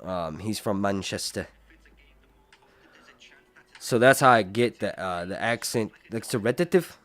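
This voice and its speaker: A man's voice: lowish voice, takes it slowly, fairly bright tone, dry recording. A man from North Carolina, chatting casually on a livestream and laughing often. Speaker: livestream TV show reviewer. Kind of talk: casual live chat.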